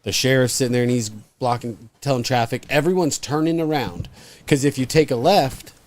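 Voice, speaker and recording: A man co-hosting a live podcast, telling stories in a profane, animated, casual way. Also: mid-range voice, moderate pace. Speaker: podcast co-host.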